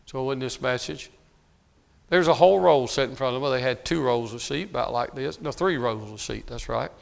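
Middle aged guy preaching a sermon, folksy, gravelly voice, goes from quiet to shouting. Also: medium pitch. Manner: folksy, swings from quiet asides to loud shouting.

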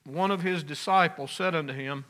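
A pastor with a fairly high male voice preaches a sermon at a normal speed. He's earnest, his voice rising loud on key phrases and then dropping soft.

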